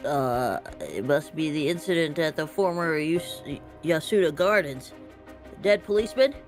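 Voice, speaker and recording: A woman voicing a nerdy, calm young male college student in a game read-through. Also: sits low, normal speed, soft background music, voice pushed down. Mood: eerie calm. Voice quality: nasal nerdy voice. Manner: unsettlingly calm, evasive. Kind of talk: voicing game characters aloud.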